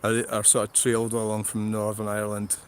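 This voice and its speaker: A man's voice: on the low side, completely flat delivery, a little fast, slight background noise. A middle-aged man with a Scottish accent, chatting bluntly and swearing on a rambling livestream from a field, laughing often. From Scotland. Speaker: vlogger. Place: outdoors in a field.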